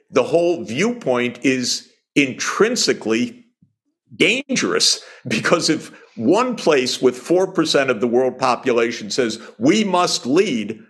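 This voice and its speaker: A man's voice: mid-range voice, fairly bright tone. An older man speaking as an economist in a panel discussion, hesitant with many filler sounds, growing emphatic when he argues a point. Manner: grows emphatic and exasperated when arguing. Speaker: economist guest.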